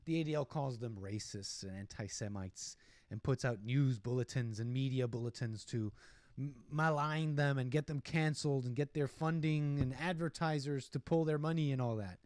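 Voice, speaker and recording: A man's voice: medium pitch, moderate pace, a little mellow, no echo, clean studio sound. A man hosting a stream, ranting sarcastically and indignantly over a video clip and laughing at his own jokes. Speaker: streamer host.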